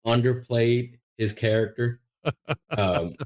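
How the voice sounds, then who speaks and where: A middle-aged man, a veteran and media producer, telling a lively story as a podcast guest, often restarting his sentences as he goes. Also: medium pitch, takes it slowly. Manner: animated, lively anecdote telling with frequent restarts. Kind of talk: casual storytelling in an interview.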